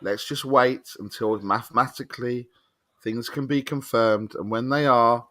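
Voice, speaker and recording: A man's voice: medium pitch, steady tone, measured pace, sharp tone, no room sound, studio quality. A man with an English accent co-hosting a casual football fan show, teasing his co-host and getting worked up. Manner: teasing, bantering, gets worked up. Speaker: podcast co-host. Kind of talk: casual chat.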